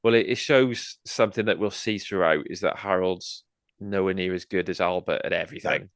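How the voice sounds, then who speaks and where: A man with a lowish voice answers quiz questions on a podcast. He rambles casually and laughs easily, recorded close and dry. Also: a little fast, no room sound. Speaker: podcast co-host. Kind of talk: casual chat.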